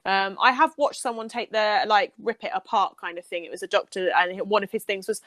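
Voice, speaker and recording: Chatty nurse co-host, eager and rambling, recorded dry. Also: female voice, medium pitch, fairly even intonation, fairly quick, hardly any pauses, fairly bright tone, no echo. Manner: enthusiastic, rambling. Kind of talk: casual chat.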